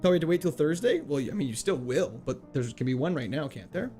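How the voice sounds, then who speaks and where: During live gameplay commentary, a man laughs often and reads chat messages in a playful, casual way. He talks fast in a slightly high, mellow voice with lively intonation, over faint background music.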